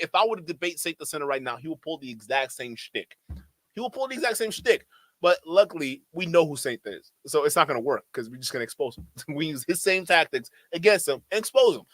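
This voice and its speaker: A man rants to his live chat about a debate clip, loud and heated, swearing freely. His voice is bright and forceful and sits a little high. The sound is dry and close. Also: no room sound. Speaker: streamer reacting to a debate clip. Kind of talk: commentary to chat.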